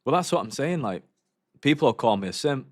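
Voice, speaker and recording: A man's voice: mid-range voice, lively intonation, brisk, dry recording, clean studio sound. A young man, chatting casually on a livestream while reacting to videos, rambling and swearing in slang.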